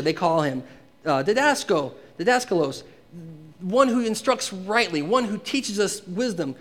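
Guy giving a laid-back sermon, slightly high voice, chatty, asks the room questions. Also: expressive, moderate pace. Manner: conversational, asks the congregation questions, acts out quotes. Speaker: pastor.

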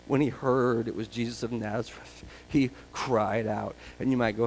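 A man's voice: mid-range voice, fairly even intonation, unhurried, few pauses, a little mellow, slight background noise, poor audio. A male preacher delivering a sermon who speaks emphatically and addresses the congregation directly. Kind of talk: expository sermon.

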